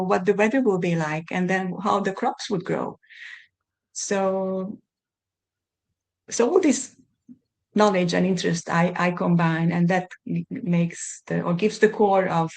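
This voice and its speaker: A middle-aged woman from Hungary with a Hungarian accent, a podcast guest talking thoughtfully and often pausing to find her words. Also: medium pitch, a little mellow. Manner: thoughtful, searching for words with many restarts. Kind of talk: conversational interview.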